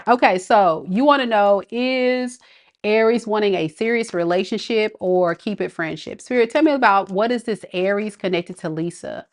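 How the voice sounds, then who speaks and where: This woman gives a casual, affectionate live tarot reading, chatting with viewers and laughing often. Her pitch is medium and her pace moderate.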